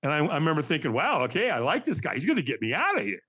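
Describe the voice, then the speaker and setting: A man tells a story with a lively, swooping voice that sits a little high. He acts out what others said in changing voices and calls the host Doc. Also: rapid-fire, breathy edge. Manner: acts out quotes with shifting voices. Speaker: podcast guest, firewalking instructor. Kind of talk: animated storytelling.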